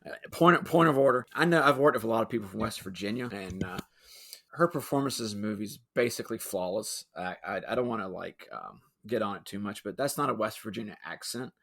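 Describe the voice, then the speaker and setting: A man's voice: lowish voice, lively intonation, a little fast, gravelly, fairly bright tone. A middle-aged man co-hosting a podcast, chatting casually and nitpicking with apologetic asides. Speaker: podcast co-host. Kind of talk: casual movie chat.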